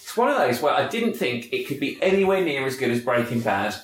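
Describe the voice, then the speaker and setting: A man with a middle-pitched voice rambles through a casual podcast chat, stressing his points and restarting his sentences. The recording has a noticeable room echo. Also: sing-song, a little fast. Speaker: podcast co-host. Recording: echoey room.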